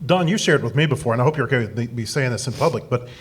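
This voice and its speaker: A man's voice: mid-range voice, rapid-fire, slight background noise. A man hosting a panel discussion, politely prompting guests with questions. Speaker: host.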